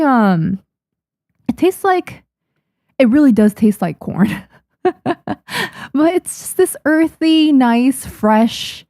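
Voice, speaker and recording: A woman's voice: a little high, warm tone, dry recording, studio quality. A young adult woman, a manga artist, chatting casually on a livestream at her desk microphone, thanking viewers with frequent ums. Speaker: manga artist streaming to chat.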